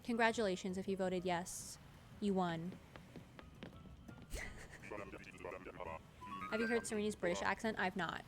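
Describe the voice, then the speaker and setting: A woman's voice: medium pitch, steady tone, measured pace, pauses often. A woman streaming a video game, chatting casually with her viewers in a playful, teasing way. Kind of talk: casual gameplay livestream chat. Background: game music.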